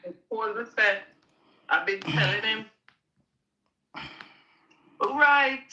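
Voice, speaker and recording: A Jamaican woman speaking broad Patois in a lively, joking casual chat. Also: fairly high pitch, drawn-out words, echoey room, soft background music, rough recording.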